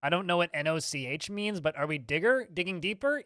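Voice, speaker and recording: A man talks casually to his livestream chat and fields questions at a quick clip. His voice is bright and forceful, set a little high. Faint guitar music plays quietly behind him. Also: animated, no echo, clean studio sound. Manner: chatty, fast-talking, answers chat questions. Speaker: streamer.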